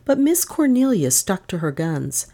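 A woman reading a novel aloud as an audiobook narrator, with expressive storytelling. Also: mid-range voice, measured pace. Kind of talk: scripted narration.

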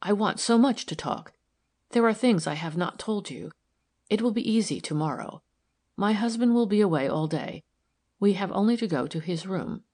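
A woman reading the part of a tired, gentle wealthy wife in a soft, weary voice. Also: mid-range voice, lively intonation, normal speed, close to an everyday voice. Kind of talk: audiobook character reading.

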